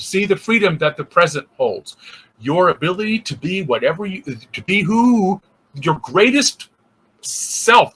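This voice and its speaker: A man with a fairly high, bright, sharp-edged voice gives a casual spiritual teaching as an interfaith minister. He thinks aloud, restarts his sentences, and slips into little acted-out inner voices. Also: breathy edge.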